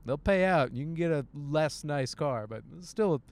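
A man's voice: a little high, lively intonation, unhurried, a little mellow. A young man hosting a casual podcast alone, telling a crude story with many jokes and laughs while driving. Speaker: podcast host. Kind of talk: casual solo rant. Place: in a car, driving.

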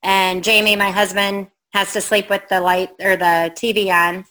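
A woman's voice: medium pitch, flat delivery, normal speed, sharp tone, rough recording. A middle-aged woman telling a spooky personal story in casual chat, rambling with fillers and acting out what people said. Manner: rambling, with many fillers and acted-out quotes. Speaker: guest telling a ghost story.

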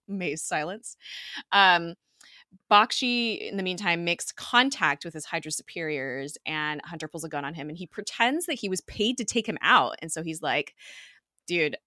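A woman's voice: fairly low pitch, big pitch swings, moderate pace, pushed and bright, dry recording, clean studio sound. A young woman hosting a podcast, casually recapping a TV episode with lots of fillers and laughter. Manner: chatty, many fillers, frequent laughter. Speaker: podcast host.

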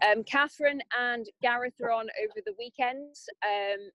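A woman leading a staff briefing over a call, talking in a brisk, directive way with frequent ums. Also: on the high side, no echo, lo-fi sound. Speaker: clinical team lead.

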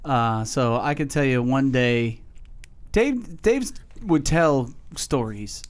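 A man from New England chats casually on a podcast. His stories ramble, break off and restart, and he swears freely. His voice sits at an ordinary middle pitch. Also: animated, slow. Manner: profane, storytelling, rambling with restarts. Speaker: podcast co-host, cigar shop worker. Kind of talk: casual chat.

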